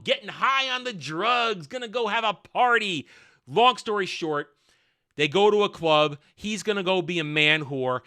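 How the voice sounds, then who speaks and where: A man's voice: fairly high pitch, pushed and bright. A man giving a casual, sarcastic and blunt review of a TV episode. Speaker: TV show reviewer. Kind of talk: casual video review commentary.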